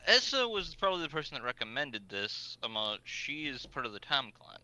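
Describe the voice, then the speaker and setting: A man playing in a tabletop game, talking in a relaxed, plainspoken way. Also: mid-range voice, a little fast, no room sound, poor audio. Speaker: player. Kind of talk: casual tabletop play.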